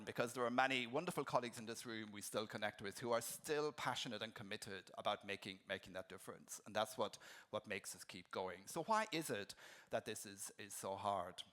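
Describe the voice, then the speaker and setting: Middle-aged male keynote speaker with a bright, tense voice; conversational, telling stories with plenty of ums. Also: medium pitch. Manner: conversational, anecdotal, frequent ums and restarts. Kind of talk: conference keynote talk.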